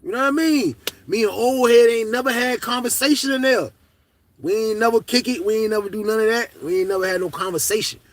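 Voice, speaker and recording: A man telling a comedic story in casual, slangy talk, swinging from hushed to loud. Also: sits high, steady tone, quick pace.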